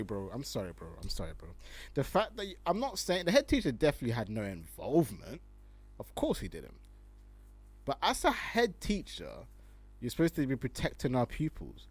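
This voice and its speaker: A young man, hosting casual online commentary, slangy and animated, laughing often as he reads tweets. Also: mid-range voice, normal speed, husky, no echo.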